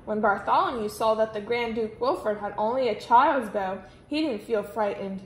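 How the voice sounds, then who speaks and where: Woman reader, children's story, fairly high voice, roomy echo. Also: normal speed, few pauses, a little hiss or hum. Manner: expressive storytelling. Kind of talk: children's story read aloud.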